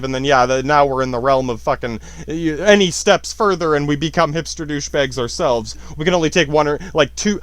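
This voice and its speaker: High-voiced rambling profane man. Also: a bit bright, no room sound. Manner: rambling, profane, self-interrupting, laughs often. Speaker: podcast host. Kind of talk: rambling profane monologue on science.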